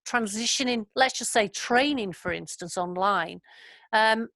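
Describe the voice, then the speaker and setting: A woman's voice: medium pitch, unhurried, a bit bright, dry recording. A woman leading an online training session over a video call, chatty and affirming. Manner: chatty, affirming, laughs often. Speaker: workshop facilitator.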